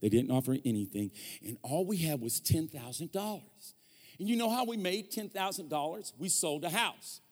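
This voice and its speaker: Speaking as a guest preacher in a church hall with long reverb, this man has a fairly high, animated voice and keeps a moderate pace. He brings his stories to life, imitating the people he quotes and bantering with the congregation.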